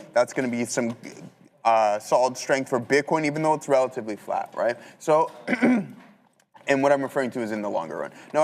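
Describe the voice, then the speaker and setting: A man giving casual live market commentary as a trading show host, talking through trades with fillers. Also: mid-range voice. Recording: long hall reverb.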